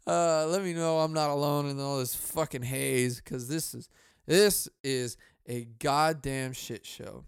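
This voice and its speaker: A man's voice: a little high, creaky, clean tone, no echo, clean studio sound. Cynical, swearing man ranting solo. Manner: cynical, profane, rambling with laughs and sighs. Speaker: podcast host. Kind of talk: solo comedic podcast rant.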